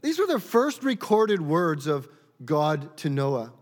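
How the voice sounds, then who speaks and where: A pastor with a slightly high, sing-song voice preaches slowly and earnestly, posing questions and often stumbling and repeating words as he thinks aloud. A large hall's long reverb surrounds him.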